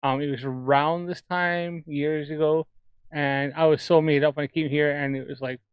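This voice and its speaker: Rambly canadian guy chatting on his stream, higher voice, dry muffled sound. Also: steady tone, normal speed, clean tone, no echo. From Alberta, Canada. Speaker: livestream host. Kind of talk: casual livestream chat.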